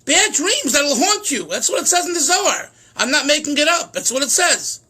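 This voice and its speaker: A middle-aged rabbi giving an informal class, animated and repeating words, mixing in Yiddish and Hebrew terms. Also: male voice, very high voice, normal speed. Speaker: rabbi teaching Chasidus.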